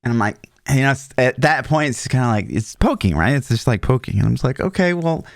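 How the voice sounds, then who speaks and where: A man's voice: mid-range voice, lively intonation, fast talker, creaky, no echo, studio quality. A man co-hosting a gaming podcast in casual chat, telling stories with lots of swearing and exasperation. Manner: profane, storytelling with exasperation. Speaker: podcast co-host.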